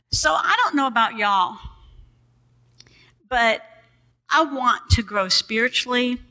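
An older woman preaching a sermon in a church on a boom mic, calling out to the congregation for responses. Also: bright, forceful tone, rough recording.

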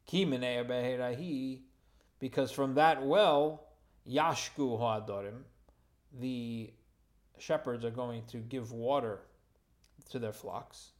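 A man's voice: mid-range voice, slow, pauses often. A man giving a verse-by-verse Torah lesson, reading Hebrew phrases and translating them with informal asides and light humor. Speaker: Torah teacher.

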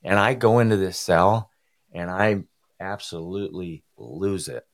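Low-voiced man giving earnest testimony. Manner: earnest, emotional, halting retelling. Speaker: interview guest. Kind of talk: personal recovery testimony.

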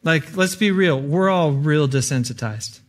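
A man's voice: on the high side, a little slow. Earnest man preaching a casual sermon. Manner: earnest, conversational preaching with fillers.

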